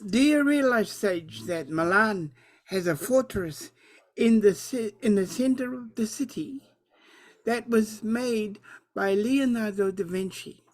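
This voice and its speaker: A woman with an Italian accent chats at a slow, unhurried pace as a player in a tabletop game. She speaks eagerly but haltingly, repeating words as she goes. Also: mid-range voice. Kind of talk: casual play and chat.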